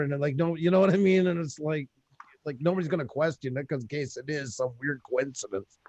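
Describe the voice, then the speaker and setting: A man in casual chat, talkative and quick to agree, joking about online comments. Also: a little high, a little mellow, no room sound, lo-fi sound. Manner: chatty, quick to agree, mocks comment posters.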